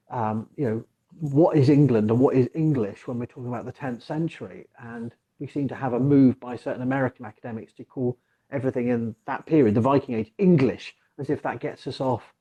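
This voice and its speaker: A man hosting a casual conversation about the past, talking in rambling, digressive stretches with animated asides. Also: medium pitch, brisk, husky, lo-fi sound. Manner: mock voices for quoted figures. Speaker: archaeologist podcast host.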